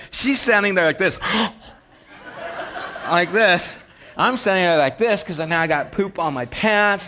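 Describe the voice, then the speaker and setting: Man, sermon storytelling, acts out scenes, hushed asides, muffled recording. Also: on the high side. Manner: animated storyteller, acts out scenes, drops to hushed near-whisper.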